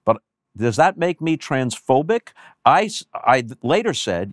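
An older male sportscaster talking as a guest in a casual chat. He tells his story in articulate, measured phrases, hedging with careful disclaimers. His voice is mid-pitched and recorded dry and close. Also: big pitch swings, no echo.

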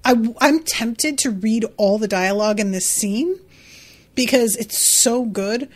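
A woman's voice: on the high side, measured pace. A woman hosting a casual book podcast who gushes, giggles and swears casually. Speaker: podcast host.

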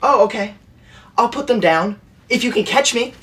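A man's voice: very high-pitched, animated, background noise. A man playing a bossy, self-righteous schoolkid, a teacher's pet who lectures others and threatens to tell the teacher. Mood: preachy. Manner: preachy, whiny, quick to threaten to tell the teacher. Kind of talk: comedy sketch acting.

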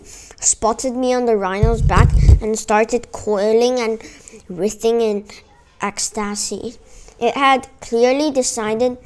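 Woman, children's audiobook reader, expressive storytelling, fairly high voice, slow pace. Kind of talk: reading a children's book aloud.

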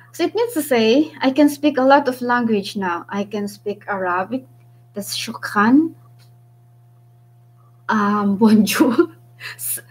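A young woman with a Filipino accent chats casually with her vlog viewers. She speaks slowly in a slightly high voice, filling gaps with ums as she thinks aloud. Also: low-quality recording. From Philippines. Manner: chatty, thinks aloud with many ums and pauses. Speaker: vlogger. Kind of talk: casual live-stream chat with viewers.

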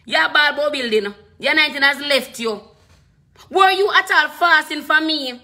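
A woman's voice: sits high, normal speed, pushed and bright. A woman with a Jamaican accent preaching an impassioned sermon, hammering home repeated phrases and moving between patois and standard English.

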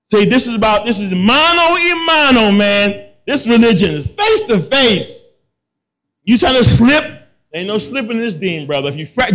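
High, bright-voiced preaching man. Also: rough recording. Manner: impassioned, shouting, repetitive. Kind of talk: sermon.

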